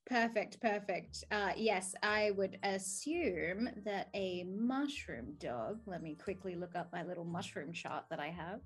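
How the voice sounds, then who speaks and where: A woman's voice: mid-range voice, lively intonation, measured pace, hardly any pauses, breathy edge, faint music behind. A woman narrating a tabletop game as game master, often breaking into giggles.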